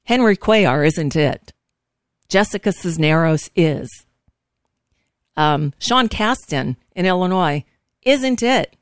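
A woman's voice: lowish voice, animated, takes it slowly, pauses often, smooth, dry recording. Woman radio host, frazzled and outspoken, dry close mic. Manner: emphatic and outspoken, curses freely. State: frazzled, worn out. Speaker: talk show host. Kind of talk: political talk radio, casual and heated.

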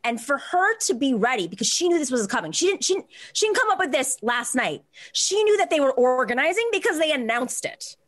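A woman hosting a talk show, telling a personal story in a quick, animated way with many restarts. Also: sits high. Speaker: host.

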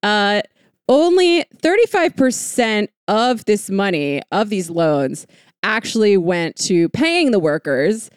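Woman podcast host, sarcastic, swears casually, smooth clear voice, dry close sound. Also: mid-range voice, very animated, slow, dry recording. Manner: sarcastic, profane, wry. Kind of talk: casual political chat.

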